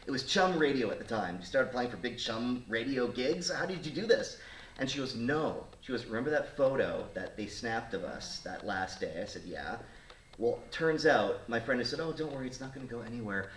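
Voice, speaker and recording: A brisk, mid-range voice belongs to a thirty-something radio talk show host telling a laid-back story before a studio audience. He acts out each quoted voice with animation, picked up by a distant mic in a roomy space with faint noise.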